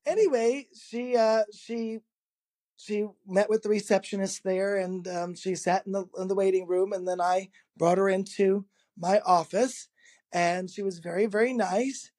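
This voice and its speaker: A man, a guest in an interview, telling a personal anecdote in a lively, casual way, laughing often and acting out the quoted dialogue. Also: high voice, measured pace. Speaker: interview guest, energy healer.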